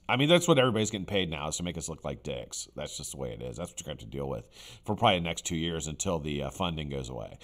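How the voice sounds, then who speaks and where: A man hosting a live stream in casual chat, rambling and blunt, with frequent fillers and some swearing. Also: sits low. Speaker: livestream host.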